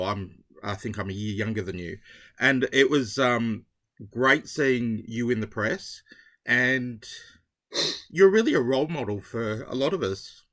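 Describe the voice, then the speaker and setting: A man's voice: mid-range voice, pushed and bright. A man interviewing a guest in a casual way, encouraging him with short affirmations.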